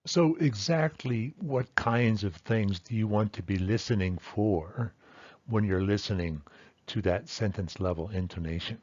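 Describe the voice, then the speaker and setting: A man's voice: fairly low pitch, unhurried, darkish tone, no room sound, dull audio. A man teaching a language lesson and explaining at a thoughtful pace, with fillers and self-corrections.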